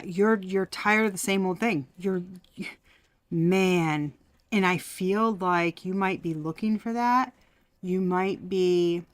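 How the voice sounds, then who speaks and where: A woman's voice: mid-range voice, no echo. A woman giving a casual tarot reading, chatty and profane, laughing often and sometimes dropping to a whisper. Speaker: tarot reader.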